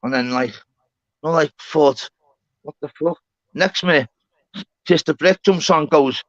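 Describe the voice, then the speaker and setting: A man telling a story on a live panel, excitable and sweary, acting out both sides of the conversation. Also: fairly high pitch, unhurried, long pauses, dry recording. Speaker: streamer. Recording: slightly dull lo-fi call audio.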